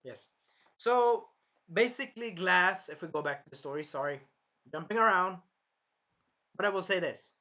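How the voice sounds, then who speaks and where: Rambling high bright-voiced man with a sore throat. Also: lively intonation, a little slow, pauses often. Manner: rambling, jumps around and corrects himself, acts out characters' lines. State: sore throat, keeps clearing it. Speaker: anime reviewer. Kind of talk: casual recap and review.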